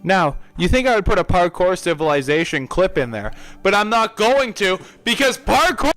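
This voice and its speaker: A young man with a fairly high voice narrates his way through a video game, blunt and opinionated, dropping crude jokes in passing. Soft game music plays underneath. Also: sing-song, normal speed. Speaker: gameplay narrator. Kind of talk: casual gameplay narration.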